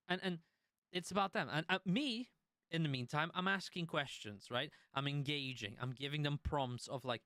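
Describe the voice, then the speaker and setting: A man's voice: on the high side, lively intonation, brisk, fairly bright tone, dry recording, studio quality. A man streaming, chatting casually about his experiences, with many restarts and the odd swear word. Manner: conversational, restarts and swears while telling a story.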